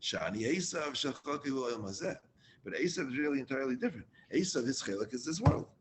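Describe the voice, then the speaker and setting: Rich: A man teaches a casual study class at a middle pitch. He reads Hebrew lines aloud and explains them in plain English, often restarting his sentences. A faint rumble sits behind him. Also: lively intonation, fast talker.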